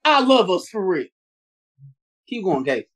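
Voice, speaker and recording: A man co-hosting a casual podcast, joking loudly and swearing freely. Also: sits high, measured pace. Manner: animated, loud, profane joking. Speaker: podcast co-host. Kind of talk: casual chat.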